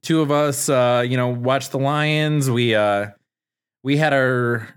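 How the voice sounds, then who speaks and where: Laid back guy talking slow, lots of um and like, mid pitched voice. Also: smooth. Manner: relaxed, filler-heavy rambling with many ums and likes. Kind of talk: casual chat.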